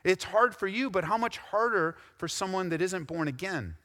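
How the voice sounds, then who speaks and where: A man preaching a sermon with a bright, forceful voice, his words ringing through a long reverb in a large church hall. He swings between loud, rising exhortation and hushed, intense passages. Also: high voice, expressive, normal speed. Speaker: pastor.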